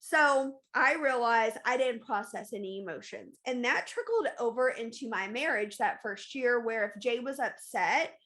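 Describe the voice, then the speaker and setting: Candid, emphatic woman with a higher voice. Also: moderate pace, few pauses, bright, forceful tone. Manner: emphatic, candid, repeats phrases for stress. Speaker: podcast host. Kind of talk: casual confessional monologue.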